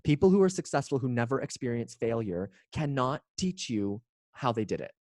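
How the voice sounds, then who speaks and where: A man's voice: mid-range voice, sing-song, a little fast, a little mellow, no echo. Emphatic male coach, dry sound. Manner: emphatic, punchy storytelling. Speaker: coach and guest speaker. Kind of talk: casual interview chat.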